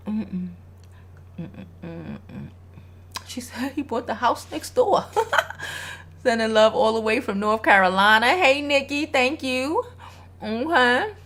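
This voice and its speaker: A woman's voice: a little high, a bit bright, a little hiss or hum. A woman hosting a casual advice livestream, speaking bluntly with a lot of swearing and reading viewer comments aloud. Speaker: relationship advice host.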